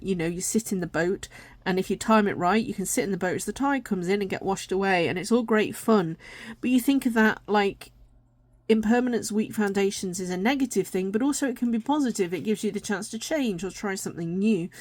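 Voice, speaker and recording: A woman walking through an oracle deck in a gentle, rambling way, tired and yawning now and then. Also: medium pitch, a little fast, no echo. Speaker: tarot and oracle deck reviewer. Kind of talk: casual deck walkthrough.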